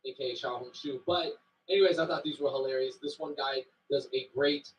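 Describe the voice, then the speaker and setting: A man giving measured, explanatory commentary in a video. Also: medium pitch, far from the mic, rough recording.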